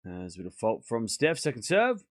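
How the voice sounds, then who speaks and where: Lively man calling tennis. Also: mid-range voice, normal speed, dry recording, studio quality. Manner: chatty, teasing the chat, calls points as they happen. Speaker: streamer calling a tennis watchalong. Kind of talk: casual live-stream commentary.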